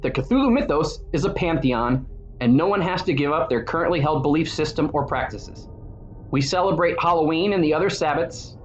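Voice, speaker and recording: A man's voice: on the high side, lively intonation, brisk, muffled recording, soft background music. A man in his forties with a wry, irreverent manner, delivering a scripted monologue as a video host. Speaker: church founder and video host.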